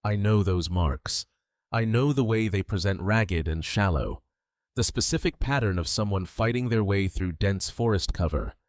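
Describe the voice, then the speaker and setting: An older man tells a first-person story in a low voice, slow and measured. The sound is dry and close, with no room around it. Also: no room sound. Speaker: narrator. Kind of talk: scripted first-person narration.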